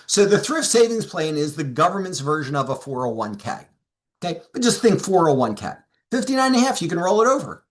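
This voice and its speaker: Guy doing a sales training talk, high voice, acts out both sides of chats with clients. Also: a little fast. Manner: animated storytelling, acting out both sides of conversations. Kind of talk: seminar talk.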